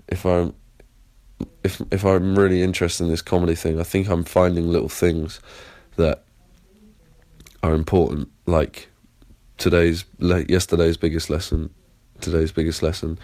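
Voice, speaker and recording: Deep-voiced English man telling stories. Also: darkish tone, no echo. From Plymouth, England. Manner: rambling, sweary, enthusiastic storytelling. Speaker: podcast host. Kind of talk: casual audio diary.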